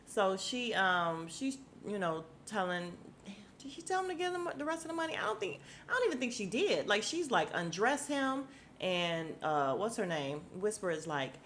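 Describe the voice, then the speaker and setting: A woman's voice: mid-range voice, big pitch swings, moderate pace, a bit bright, a little hiss or hum. A woman hosting a podcast, recapping a TV episode in a casual, slangy way, acting out the characters' lines and laughing often.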